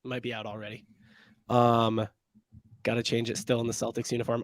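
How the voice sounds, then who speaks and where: A man's voice: mid-range voice, fairly quick, no room sound, studio quality. A man co-hosting a casual sports podcast, chatty and jokey, calling out viewers' names from the chat. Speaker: podcast co-host.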